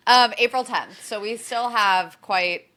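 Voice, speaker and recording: A woman's voice: a little high, slow pace, pushed and bright. A young woman co-hosting a gossip podcast, chatting casually with strong opinions and easy laughter. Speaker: podcast co-host. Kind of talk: casual chat.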